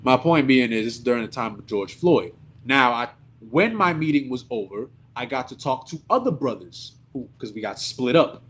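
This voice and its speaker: A man preaching at a service, telling a story in an animated, indignant, conversational way. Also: medium pitch, normal speed, breathy edge. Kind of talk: sermon storytelling.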